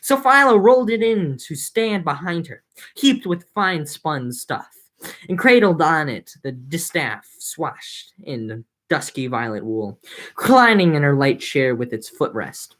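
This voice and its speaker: A woman's voice: low-pitched, sing-song, unhurried, fairly bright tone. A young woman reading an epic poem aloud, breaking off into joking slangy recaps. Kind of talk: casual reading with comic summaries.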